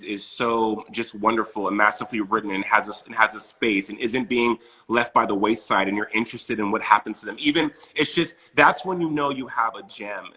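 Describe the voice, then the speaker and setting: A man hosting an interview, gushing with enthusiasm and stumbling over repeated words, with a husky voice. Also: fairly low pitch, pushed and bright, poor audio. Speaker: interview host. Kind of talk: casual interview chat.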